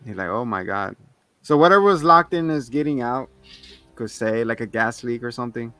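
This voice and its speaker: A man's voice: mid-range voice, a little fast, bright, forceful tone, faint music behind. A man hosting a casual movie chat podcast, retelling scenes and acting out characters in voices. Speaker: podcast host. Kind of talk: casual movie review banter.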